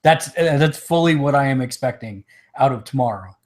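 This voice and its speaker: Hiccups keep interrupting this man as he co-hosts a gaming podcast, chatting casually and laughing easily. He speaks fairly quickly in a mid-range, slightly mellow voice with lively intonation.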